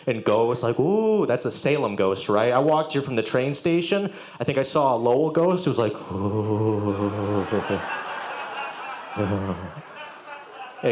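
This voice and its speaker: A young man with a slightly high voice does a sardonic stand-up set at a live music venue, working the crowd and swearing. Audience laughter rises around him, with slight background noise.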